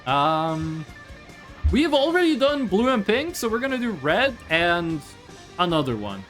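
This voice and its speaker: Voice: mid-range voice, sing-song, unhurried, fairly bright tone, soft background music. A streamer chatting casually and rambling over gameplay, swearing freely and jumping between topics.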